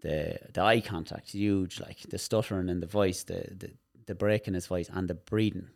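This is an Irish man with a very low voice, talking as a therapist guest in a casual interview. He explains with energy and demonstrations, often repeating a word as he goes. The sound is dry and close. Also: normal speed, gravelly, dry recording. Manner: animated, demonstrative, repeats words while explaining.

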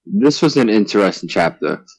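A man's voice: on the low side, big pitch swings, moderate pace, darkish tone, slightly rough, no echo, poor audio. A man in casual chat, easygoing, asking questions and thinking aloud. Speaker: podcast co-host.

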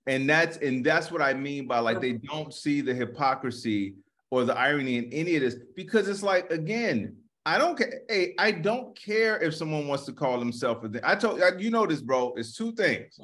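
A man's voice: a little high, expressive, normal speed, fairly bright tone. A man co-hosting a podcast in casual chat, speaking in a laid-back, rambling way with frequent restarts. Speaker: podcast co-host.

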